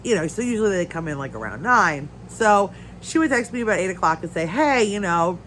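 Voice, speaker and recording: A woman's voice: on the low side, big pitch swings, fast, fairly bright tone, slight background noise, rough recording. A woman chatting casually at home, going off on a rambling rant, stuffy-nosed and coughing. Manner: rambling, ranting storyteller. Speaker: crafting channel host. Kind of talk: casual chat while crafting. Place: her home.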